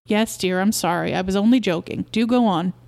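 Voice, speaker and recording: A woman's voice: medium pitch, brisk, gravelly, a little mellow, lightly acted. A woman reading a story aloud, voicing an anxious, fussing young mother who scolds primly. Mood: fretful. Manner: fretful, prim scolding.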